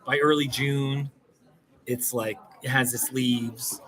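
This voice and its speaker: A man's voice: medium pitch, fairly even intonation, slow, fairly bright tone, low-quality recording. A man talking to the camera in a casual vlog, rambling and self-mocking and laughing often, outdoors in a small mountain town. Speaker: vlogger.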